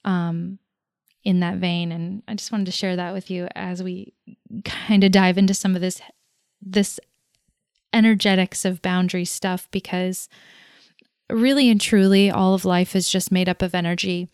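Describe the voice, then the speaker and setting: A woman's voice: fairly low pitch, level tone, moderate pace, a little mellow, clear, resonant tone, dry recording, clean studio sound. A woman hosting a casual, reflective monologue. She rambles, goes off on tangents and laughs at herself as she talks.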